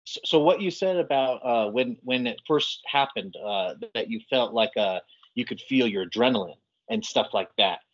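A man's voice: medium pitch, normal speed, no room sound, highs cut off. A man hosting a podcast, asking casual, reflective follow-up questions. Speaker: podcast host. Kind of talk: casual interview chat.

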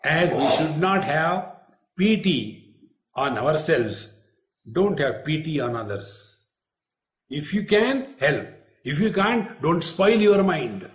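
A man's voice: on the high side, sing-song, slow pace, roomy sound. A man giving a spiritual retreat discourse with humorous storytelling and acted-out quotes. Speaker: spiritual teacher. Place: retreat hall.

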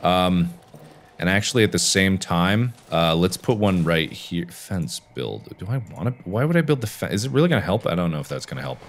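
Man, gaming host, low voice with wildly lively pitch, horror playthrough commentary. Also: fairly quick, a little hiss or hum. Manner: animated, swinging from mumbling to yelping panic.

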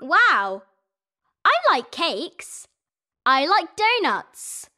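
Tiny cartoon creature, very high squeaky voice, piercing bright tone, slow eager words, faint background noise. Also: female voice, exaggerated voice. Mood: excited. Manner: squeaky and excited, sings la-la. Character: Coco, small cute cartoon creature companion.

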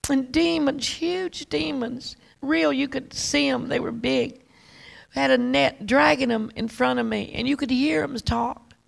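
Gravelly woman preaching an emphatic testimony. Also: sits high, measured pace. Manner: emphatic, repetitive storytelling. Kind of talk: testimony sermon.

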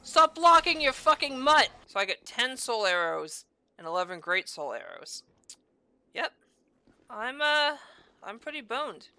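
A young woman streaming a game and commenting crudely and excitably, yelping and swearing as she plays. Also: fairly high pitch, measured pace. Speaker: gaming streamer. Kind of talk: profane let's-play commentary.

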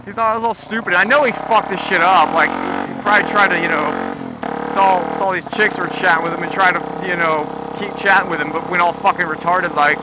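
A young man with a high-pitched voice tells a rambling, profane story to his camera, laughing often and piling up fillers. Traffic and engine noise are clearly heard behind him. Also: steady tone, fairly quick. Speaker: vlogger. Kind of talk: casual storytelling vlog.

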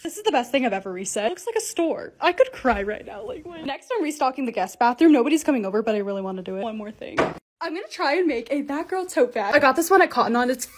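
Bubbly, fast-talking young woman vlogger. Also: sits high. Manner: bubbly, chatty, easily excited. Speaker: lifestyle content creator. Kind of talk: casual vlog voice-over.

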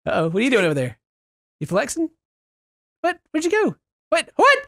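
A man with a high voice that leaps all over the place gives excitable, jokey running commentary on a video game. He yelps and laughs at the screen, and a steady noise hums under the recording. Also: brisk, long pauses. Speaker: video game let's-player.

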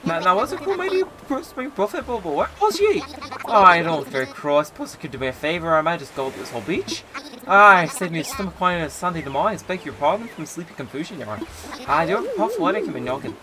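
A man's voice: high voice, very animated, fast, a crowd in the background, poor audio. A man voicing a bumbling male seagull sailor, reading his lines in an overdone pirate accent. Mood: hammy pirate.

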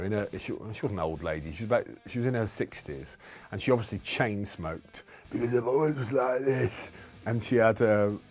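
Deep-voiced comedian, rambling. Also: male voice, darkish tone, husky. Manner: rambling, self-correcting storyteller. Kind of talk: casual interview chat.

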